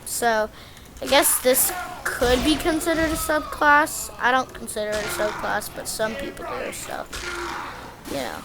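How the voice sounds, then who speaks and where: A woman's voice: high-pitched, unhurried, heavy background noise. A woman giving casual, rambling gameplay commentary as she walks through a game guide, often poking fun at herself. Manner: rambling, self-deprecating, easily excited.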